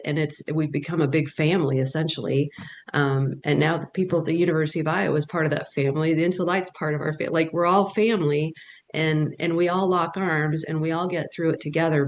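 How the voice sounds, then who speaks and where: A woman's voice: low voice, a little mellow, a little hiss or hum. An earnest woman speaks on a webinar panel over a video call, giving heartfelt testimony. Her delivery is emphatic, and she often circles back to repeat her phrases. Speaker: panelist, bereaved mother and advocate.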